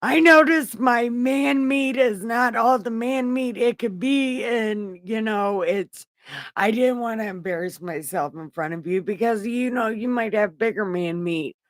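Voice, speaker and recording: A woman putting on a whiny shouting Adam. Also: a little slow, dry recording, clean studio sound, lightly acted. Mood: defensive. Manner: high-pitched shouting complaints. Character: whiny defensive Adam, grown man.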